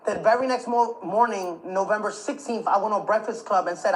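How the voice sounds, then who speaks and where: A man's voice: high-pitched, brisk, few pauses, rough recording. A man as an interview guest, telling a story in casual talk, repeating dates and acting out what each person said. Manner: emphatic, repeats dates and phrases, acts out quoted dialogue.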